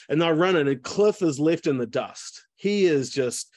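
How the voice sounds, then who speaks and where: A man's voice: on the high side, moderate pace, few pauses, a little mellow, no room sound. Chatty man telling a story. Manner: chatty, lots of fillers and asides. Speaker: speaker. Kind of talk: casual storytelling talk. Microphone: video call.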